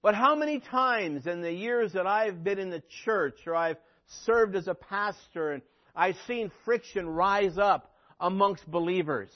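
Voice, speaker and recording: High-voiced preaching pastor, lo-fi. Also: male voice, unhurried. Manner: preachy, rising to emphatic peaks, dry sarcastic asides. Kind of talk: sermon.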